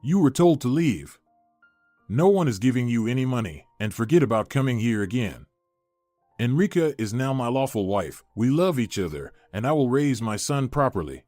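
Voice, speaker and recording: A man's voice: medium pitch, big pitch swings, moderate pace, darkish tone, dry recording, soft background music, natural voice. A man reading a firm, injured young husband on crutches in a narrated story. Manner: firm, defiant.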